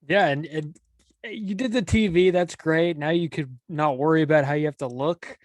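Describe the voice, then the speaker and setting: A man's voice: on the high side, normal speed, no room sound, studio quality. A man hosting a podcast interview, joking with his guest and laughing along. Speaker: podcast host. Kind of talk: casual interview chat.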